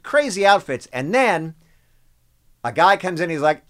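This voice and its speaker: A middle-aged man spins a story in relaxed conversation. His pitch swings widely, and he acts out the people he quotes in big voices. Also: measured pace. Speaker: guest actor. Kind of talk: casual storytelling.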